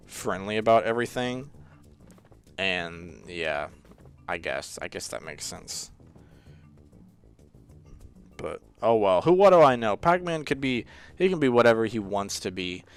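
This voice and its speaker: A man's voice: lowish voice, smooth. Rambling young man playing a game. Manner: rambling, jokey, easily frustrated, many fillers. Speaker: gaming channel host. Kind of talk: casual let's-play commentary.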